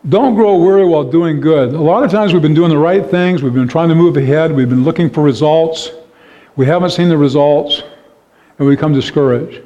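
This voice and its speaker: A man preaching an earnest sermon of encouragement with a slightly high voice. He reads scripture aloud and keeps checking in with his listeners. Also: darkish tone. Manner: calls out "Amen?" to the congregation. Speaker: pastor.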